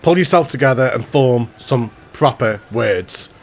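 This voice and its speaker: A man hosting a game channel, giving excited, gushing commentary with self-mocking asides. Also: medium pitch, measured pace.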